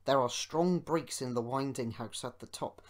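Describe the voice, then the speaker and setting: A man reading a children's storybook aloud as an amateur audiobook narrator, in a measured way. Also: medium pitch. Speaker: podcast host reading an audiobook.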